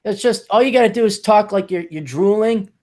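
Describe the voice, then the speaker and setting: A man's voice: high voice, brisk, a little mellow. A man hosting a podcast, chatting casually and reading a news story aloud with sarcastic asides. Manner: sarcastic, mocking, laughs at the story. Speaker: podcast host.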